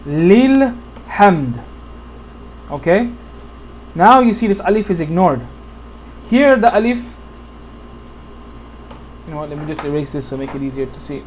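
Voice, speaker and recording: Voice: mid-range voice, lively intonation, normal speed, pauses often, a little hiss or hum. A teacher from Bangladesh giving a whiteboard lesson on Quran pronunciation, patiently repeating examples and often checking in with the listener. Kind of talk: whiteboard tutorial.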